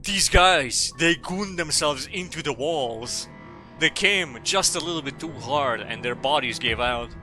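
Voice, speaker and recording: A man's voice: on the high side, animated, measured pace, music in the background. A man streaming a game, reading its dialogue aloud and joking crudely, rambling with lots of fillers.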